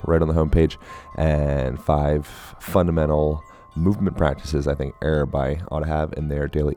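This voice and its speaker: Male podcast host, very low voice, playful and jokey, casual delivery. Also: mellow. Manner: playful, jokey, laughs easily. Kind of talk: casual podcast chat and ad reads.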